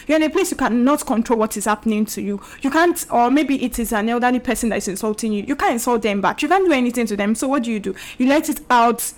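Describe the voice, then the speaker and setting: In a relaxed solo piece to camera, a young woman who hosts a podcast and video series chats with her audience in a slightly high voice. Her talk is repetitive and full of fillers, punctuated by occasional laughter.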